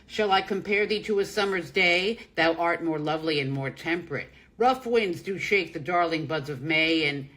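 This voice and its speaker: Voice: medium pitch, a bit bright, natural voice. An actor performing a dramatic monologue as a desperate, lovesick wife facing divorce, swinging between forced laughter and tears.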